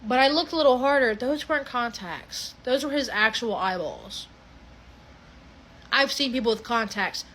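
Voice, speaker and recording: A young adult woman telling a creepy story in a casual, animated way, swearing freely and restarting her sentences often. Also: a little high, moderate pace.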